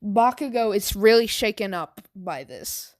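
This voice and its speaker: A woman's voice: medium pitch, lively intonation, unhurried. A woman improvising a fan story aloud, hesitant and stammering with many fillers.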